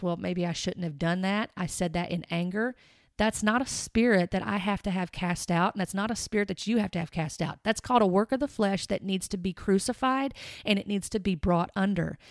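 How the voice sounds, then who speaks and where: A woman in her thirties giving an earnest, emphatic Bible teaching, slowing down to stress her points. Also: mid-range voice, darkish tone, no echo, studio quality. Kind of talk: podcast-style teaching monologue.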